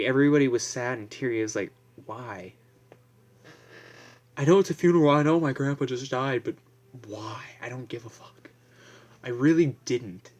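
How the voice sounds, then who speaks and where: A man's voice: mid-range voice, darkish tone. A young man vlogging in a casual, blunt, profane ramble, full of fillers and restarts.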